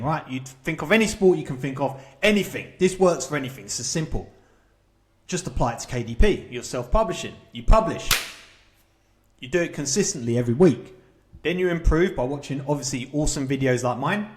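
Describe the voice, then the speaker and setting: Emphatic, higher-voiced male coach. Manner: emphatic, repeats points with rhetorical checks. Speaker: self-publishing coach. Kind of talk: casual talk to camera.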